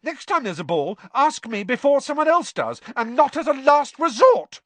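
A furious teenage girl , as a man puts her on, yells in high, shrill, cutting bursts. The delivery is close and dry, with no room around it, and her lines swing widely in pitch. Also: big pitch swings, normal speed, dry recording, full character voice. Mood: furious yelling.

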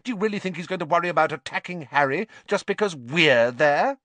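A man doing a high, bossy know-it-all schoolgirl, Hermione. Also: animated, pushed and bright, no room sound. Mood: sharp. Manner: keen, brisk and bossy. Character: eager bookish know-it-all teenage girl.

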